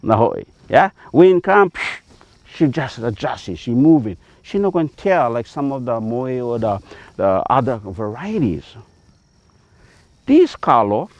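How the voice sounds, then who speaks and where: A man's voice: medium pitch, very animated, a little slow, a little mellow, no echo. A man with a Hawaiian Pidgin accent, a farmer teaching outdoors on a taro farm in a folksy, emphatic way, mixing in Hawaiian words.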